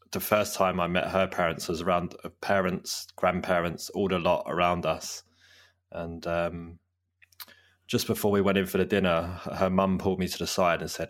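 Male co-host, very low voice, loose rambling storyteller. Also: fairly bright tone. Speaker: podcast co-host. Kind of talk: casual football podcast chat.

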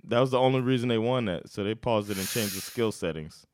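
A man's voice: fairly low pitch, fast, a little mellow, no echo. A man co-hosting a casual sports podcast, laid-back, swearing and laughing a lot. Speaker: podcast co-host.

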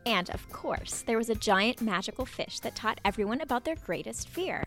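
A woman narrating a children's story in a playful, expressive way, at times dropping to a whisper. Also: on the high side, normal speed, few pauses, soft background music.

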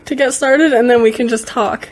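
A woman's voice: on the high side, fairly even intonation, normal speed. A woman hosting a podcast in casual chat, hesitant and giggly with many ums. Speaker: podcast host.

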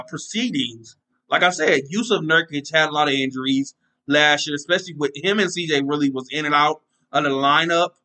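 A man's voice: a little high, pushed and bright, poor audio. A man hosting his own podcast, talking casually and rambling, often repeating himself and joking about himself. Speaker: podcast host. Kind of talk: casual solo sports talk.

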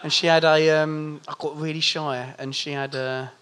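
Guy cohosting, a bit high voice, giggly and shy, light hiss behind. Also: flat delivery, normal speed. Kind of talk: casual live banter.

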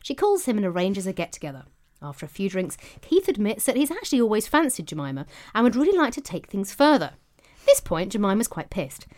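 Animated woman telling a story. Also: mid-range voice, fairly quick. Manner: animated, swearing, gleeful storyteller. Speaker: podcast co-host. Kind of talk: casual storytelling chat.

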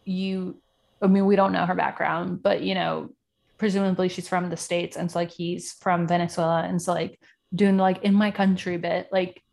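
Chatty woman with a gravelly low voice. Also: normal speed. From Puerto Rico. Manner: chatty, filler-heavy, animated asides. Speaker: podcast co-host. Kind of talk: casual chat about reality TV.

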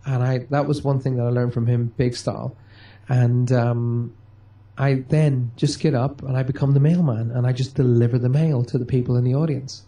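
A man, a medium, answering interview questions with lively, joking stories and acted-out dialogue. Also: medium pitch, normal speed. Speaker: medium and touring stage performer.

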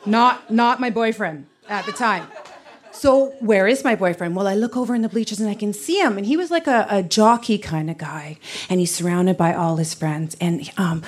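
Animated woman telling a story. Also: medium pitch, moderate pace. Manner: animated, acts out quotes, laughs often. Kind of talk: live personal storytelling.

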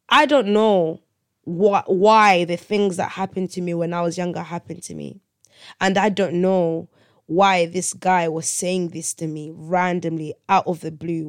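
A woman in her 30s hosts a podcast, sharing a personal testimony in an earnest, conversational way that grows preachy as she checks in with listeners. Her voice is on the low side, captured in studio quality with no echo.

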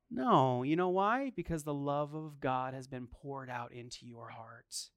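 A middle-aged man, a pastor, preaching a sermon in an animated, emphatic way, mixing chatty restarts with rising bursts of force. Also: mid-range voice, unhurried, few pauses, no room sound, studio quality.

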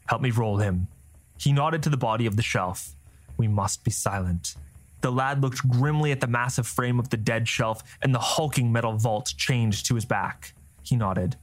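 A man narrating a scripted fantasy story with a steady storytelling delivery. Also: medium pitch.

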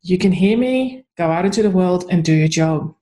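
A woman voicing a male snake spirit who calmly insists she go do her job. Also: fairly low pitch, normal speed, lightly acted, low-quality recording. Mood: insistent.

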